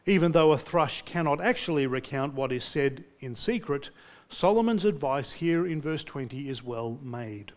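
A male pastor preaching a sermon with a slightly higher-pitched voice. He leans on direct rhetorical questions aimed at his listeners. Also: lively intonation, normal speed.

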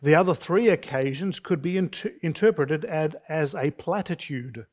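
A man preaching an expository sermon, measured and deliberate, reading scripture aloud between points. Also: animated. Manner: deliberate, measured preaching with slow emphatic phrases; reads scripture aloud with raised pitch for quoted speech. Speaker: pastor.

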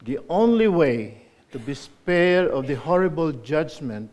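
A man preaching a sermon in church, earnestly urging listeners, rising to emphatic peaks and falling to soft endings. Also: a little high, very animated, unhurried, hardly any pauses. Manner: earnest exhortation with emphatic rises and soft drops.

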